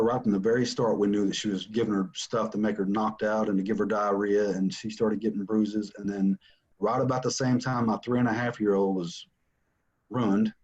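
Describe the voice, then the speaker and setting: A man's voice: fairly low pitch, a little mellow, dull audio. A man giving an earnest, emphatic personal account as a father. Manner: earnest, emphatic, repeats for stress. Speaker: father telling his family story. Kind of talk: personal testimony.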